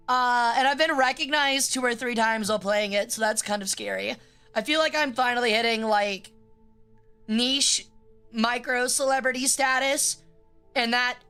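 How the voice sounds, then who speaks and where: A woman's voice: sits high, bright, forceful tone, clean tone. A young adult woman streaming, chatting casually in a rambling, joking way with frequent swearing.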